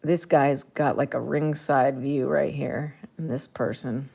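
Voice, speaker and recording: A woman's voice: rumbling low, fairly even intonation, unhurried, gravelly, mellow, husky. A woman artist talking casually to the viewer as she paints, chatty, playful and thinking aloud. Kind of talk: casual narration while painting.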